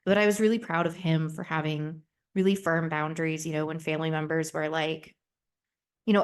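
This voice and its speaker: A woman's voice: deep voice, little pitch movement, fairly quick. A woman in her twenties chatting candidly on a podcast, rambling with lots of fillers and casual swearing. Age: 20s. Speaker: podcast host.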